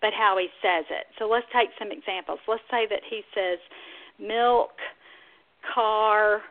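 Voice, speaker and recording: A woman talks through techniques for helping toddlers speak, in a calm, explanatory instructional podcast manner. Her voice sits at an ordinary middle pitch. The sound is thin and tinny, like a phone line. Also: measured pace. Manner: explains steadily, then bursts into high sing-song demonstration sounds. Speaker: speech-language pathologist host.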